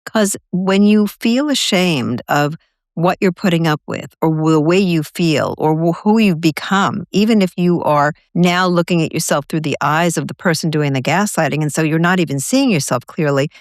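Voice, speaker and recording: A woman's voice: fairly low pitch, no echo, clean studio sound. A woman therapist recounting a client's story in an earnest, conversational interview. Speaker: therapist guest.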